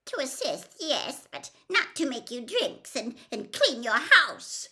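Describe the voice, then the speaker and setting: Woman doing a squeaky cringing manservant. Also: big pitch swings, slow pace, pushed and bright, heavily acted. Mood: whiny. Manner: whiny and resentful. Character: squeaky cringing hunched male servant. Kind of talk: audiobook reading.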